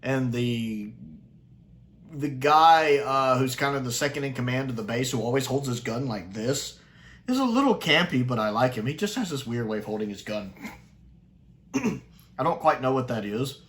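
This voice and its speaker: A man's voice: mid-range voice, lively intonation, normal speed, fairly bright tone. A man giving casual, enthusiastic review commentary, chatty, with fillers and restarts. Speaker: sci-fi reviewer.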